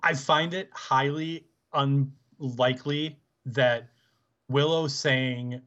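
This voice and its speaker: A man co-hosting a podcast who chats casually and crudely about an episode and makes slow, deliberate critiques. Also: mid-range voice, fairly even intonation, fairly bright tone, muffled recording. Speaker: podcast co-host. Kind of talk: casual profane recap chat.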